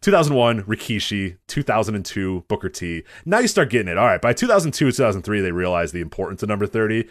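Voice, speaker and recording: A man's voice: fairly low pitch, sing-song, no room sound, clean studio sound. A man co-hosting a podcast, rattling off wrestling history in casual chat, laughing and swearing often. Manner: rapid, laughing, profane rundown of wrestling history. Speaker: podcast co-host.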